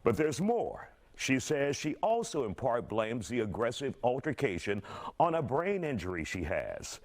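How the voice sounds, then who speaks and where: A male news anchor reading a report in a measured way, stressing his questions. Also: mid-range voice, very animated.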